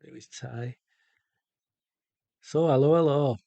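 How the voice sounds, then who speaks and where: A middle-aged man chatting casually while he paints, slow and rambling with many pauses. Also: mid-range voice, creaky, mellow, no room sound, muffled recording. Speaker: art vlogger.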